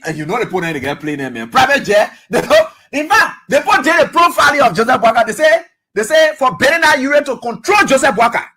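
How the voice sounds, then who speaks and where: Speaking in a high-pitched, slightly rough voice, this Liberian English-accented radio host gives a lively political monologue, performing bits of dialogue and shooting off rhetorical questions.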